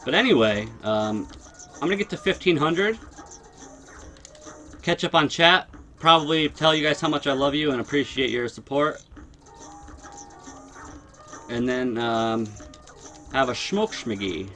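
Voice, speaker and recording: Young male streamer, bright tone, profane rambling rant, music faint behind. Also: fairly high pitch, expressive, a little slow, long pauses. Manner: swears constantly, rambling and blunt. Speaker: livestreamer. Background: music playing.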